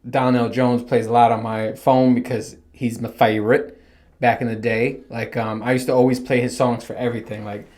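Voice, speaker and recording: A man's voice: medium pitch, flat delivery, moderate pace, a little mellow. A man hosting his own podcast in casual solo chat, rambling, self-deprecating and swearing freely. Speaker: podcast host.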